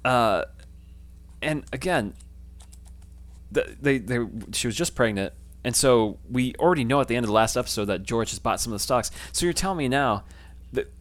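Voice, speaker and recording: A man's voice: mid-range voice, expressive, moderate pace. Wry, joking podcast co-host man. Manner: joking, incredulous, addresses listeners. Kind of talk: casual chat recapping a TV episode.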